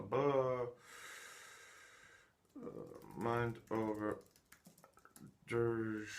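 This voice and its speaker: A music producer walks through his own workflow in a casual how-to, recorded on a phone. His voice sits in the mid range with a fairly bright tone, and he thinks aloud with lots of fillers and restarts.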